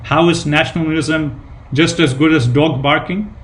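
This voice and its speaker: A man's voice: a little high, steady tone, unhurried, a bit bright. A man giving a devotional scripture class, retelling anecdotes with emphatic repetition and casual fillers. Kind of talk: devotional sermon with retold anecdotes.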